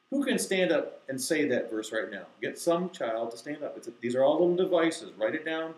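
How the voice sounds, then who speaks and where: A man explaining to teachers how to teach a verse to children, acting out slow, deliberate recitation. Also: mid-range voice, sing-song, roomy sound, poor audio. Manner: demonstrates, reciting key phrases slowly and deliberately. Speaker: Bible teacher. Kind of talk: instructional talk to teachers.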